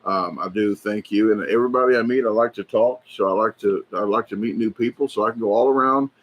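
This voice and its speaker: A man hosting a casual livestream, rambling and chatty as he reads viewer comments aloud, filling pauses with lots of fillers and restarts. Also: on the low side. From United States. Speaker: livestream host. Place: indoors at a hobby shop.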